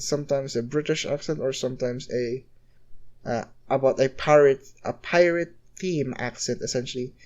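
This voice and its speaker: A man narrating a homemade fan story off the cuff, rambling and restarting his sentences. He keeps reaching for the same filler word, at an ordinary middle pitch. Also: a little mellow. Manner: rambling, repeats "essentially" constantly.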